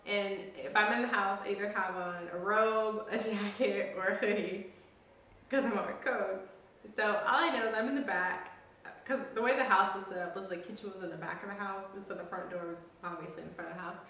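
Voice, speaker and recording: Bright-voiced woman telling a story in an echoey room. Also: mid-range voice, fairly quick, far from the mic. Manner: animated storyteller, acts out quoted lines. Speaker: family vlogger. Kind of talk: casual storytelling.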